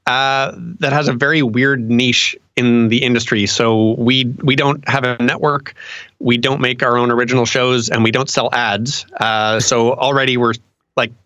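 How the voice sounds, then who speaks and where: A man who founded a podcasting company, answering interview questions in a relaxed way with pauses to think. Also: mid-range voice, no room sound. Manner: relaxed, with frequent fillers and restarts.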